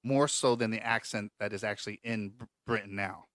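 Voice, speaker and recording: A man's voice: lowish voice, fairly even intonation, brisk, fairly bright tone, no room sound, studio quality. A man hosting a casual quiz show podcast, joking and swearing as he reads out the questions. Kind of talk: casual game show chat.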